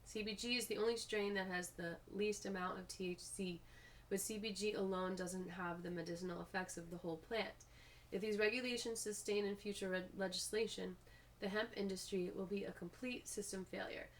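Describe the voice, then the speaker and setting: A woman's voice: medium pitch, steady tone, brisk, a little hiss or hum. A woman hosting a video, reading public comments aloud and breaking off with frustrated asides of her own.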